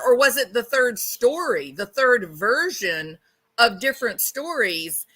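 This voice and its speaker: A woman's voice: fairly high pitch, expressive, a little slow, sharp tone. A woman hosting a true-crime channel, speculating bluntly in a casual way and asking lots of rhetorical questions.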